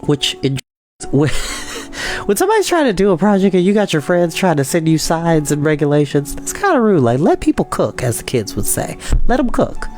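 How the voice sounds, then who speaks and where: A man reading a children's book aloud, in a lively way with chatty asides. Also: on the high side, moderate pace, faint music behind. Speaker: storyteller.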